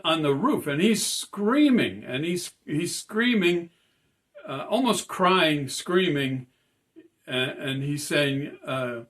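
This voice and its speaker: A man telling a story from his own life in a casual, halting way, with many restarts and fillers. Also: fairly high pitch, fairly bright tone.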